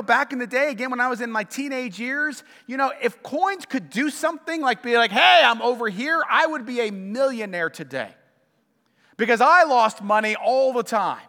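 A man with a high, bright voice delivers a sermon, telling stories with animated emphasis. His words ring out with a long reverb in a church sanctuary. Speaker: pastor.

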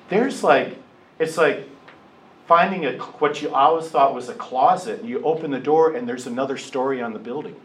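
An older man teaching a Bible class in a lively storytelling way, acting out voices in his quotes. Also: medium pitch, moderate pace, a little hiss or hum, poor audio.

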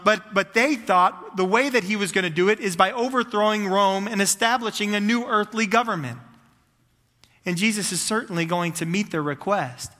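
A male pastor preaching with a high, bright, forceful voice. He stacks clause on clause in fervent, building runs. His voice rings with the long reverb of a large hall. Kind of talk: sermon.

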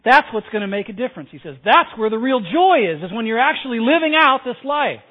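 A man's voice: extremely high pitch, big pitch swings, quick pace. A male pastor preaching a sermon, emphatic, repeating key phrases and asking the congregation to respond. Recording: tinny phone-like sound.

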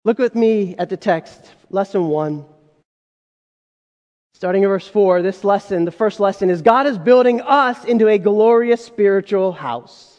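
A man's voice: sits high, unhurried, a little mellow, highs cut off. A man preaching a sermon as pastor, talking conversationally and addressing the congregation with asides. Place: church sanctuary. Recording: long hall reverb.

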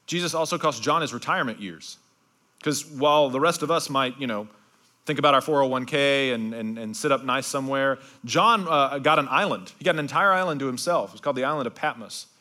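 A male pastor giving a conversational sermon, dropping to slow, hushed passages for emphasis and adding asides like "okay?". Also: medium pitch. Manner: swings between bright emphasis and hushed, slowed-down passages.

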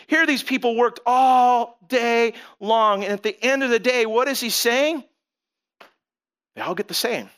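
Bright, clear-voiced male preacher. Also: very high-pitched, unhurried. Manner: conversational storytelling preacher with animated asides. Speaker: pastor. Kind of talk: sermon.

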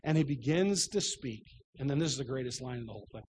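Preaching with a medium-pitched, expressive voice at a quick pace, a middle-aged pastor tells stories and pokes fun at himself. He swings from loud to hushed, and there's a little hiss or hum in the recording.

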